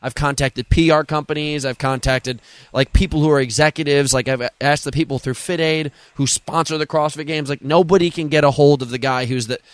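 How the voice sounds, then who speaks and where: A man guesting on a podcast, telling stories in an animated, casual way and swearing freely. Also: on the high side, brisk, clear, resonant tone, no room sound. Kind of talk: casual chat.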